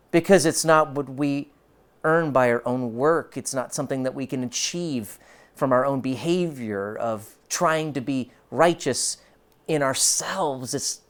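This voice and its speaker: A male pastor preaching a sermon, emphatic and moving between quiet and forceful delivery. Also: medium pitch, measured pace. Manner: emphatic, shifts between soft and loud.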